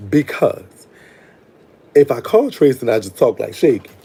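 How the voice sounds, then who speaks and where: A man's voice: medium pitch, sing-song, moderate pace, creaky, warm tone, slightly rough. A man telling a long story in a sassy, digressive, profane way. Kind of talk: casual storytime monologue.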